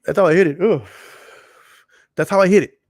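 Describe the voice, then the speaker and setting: Podcast host, male, rambling and profane, slightly high voice, dry close recording. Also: fairly quick, dry recording. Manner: rambling, profane, repeats himself. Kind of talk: casual storytelling monologue.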